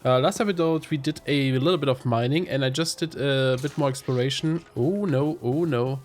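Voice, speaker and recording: A man's voice: mid-range voice, fairly quick. Nasal, congested man rambling over gameplay. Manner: rambling, chatty, self-interrupting. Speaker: let's play host. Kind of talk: casual gameplay commentary.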